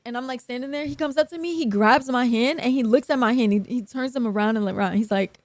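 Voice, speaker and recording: Animated, profane young woman telling a story. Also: high-pitched, fast talker, few pauses, dry recording. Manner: animated, profane, acts out other people's lines. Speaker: streamer. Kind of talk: casual storytelling on a live stream.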